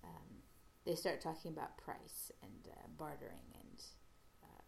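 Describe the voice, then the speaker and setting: A woman casually retelling an episode's plot as a podcast host, halting often with fillers and restarts. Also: low voice, wildly swooping pitch, creaky, a little hiss or hum.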